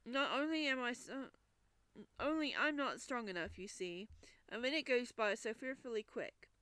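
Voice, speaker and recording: A woman voicing a fussy, excitable king in a storybook reading, with fretful, breathless exclamations. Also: fairly high pitch, normal speed, smooth, dry recording.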